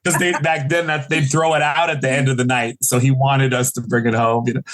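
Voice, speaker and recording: A comedian in his forties from Chicago, telling stories in a casual interview and acting out the people he quotes with big jumps in pitch. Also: little pitch movement, brisk, background noise. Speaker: guest comedian.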